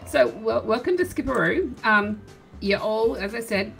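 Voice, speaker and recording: A woman's voice: fairly high pitch, expressive, a little slow, gravelly, fairly bright tone, soft background music. An Australian woman explaining the rules of a game event in casual chat, teasing and laughing often.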